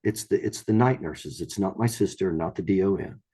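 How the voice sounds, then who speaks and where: A man's voice: deep voice, brisk, mellow, breathy edge. A man telling a true strange story in a casual, rambling way, with frequent restarts and quoted voices. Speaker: storyteller guest.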